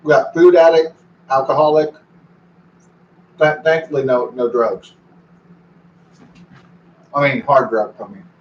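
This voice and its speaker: A man's voice: mid-range voice, fairly even intonation, measured pace, long pauses, slight background noise. Rambling, profane man in an echoey room. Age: 40s. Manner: meandering, profane, talks to his dog between thoughts. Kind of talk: casual rambling monologue. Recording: echoey, distant, dull recording.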